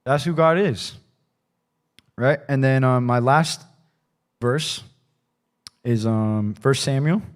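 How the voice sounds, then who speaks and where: This pastor's mid-range voice moves slowly, with long pauses. His conversational church sermon is casual and rambling, and he keeps sprinkling in "like" and "right?".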